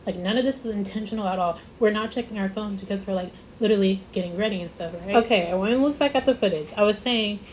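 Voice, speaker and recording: A woman's voice: medium pitch, fast talker, few pauses, a little hiss or hum, low-quality recording. A young woman vlogger telling a casual storytime, rambling with lots of "like" and stressing her points. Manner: rambling, repeats herself, lots of "like".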